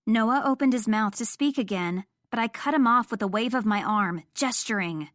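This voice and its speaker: A woman's voice: medium pitch, lively intonation, moderate pace, hardly any pauses, a bit bright, no room sound, studio quality. A young woman narrating a first-person romance audiobook in an intimate storytelling manner.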